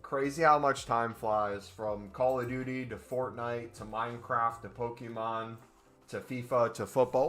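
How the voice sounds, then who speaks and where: A male streamer chatting during a live game stream on his microphone, excitable and joking. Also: mid-range voice, unhurried, faint music behind. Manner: excitable and joking, with whoops and laughs.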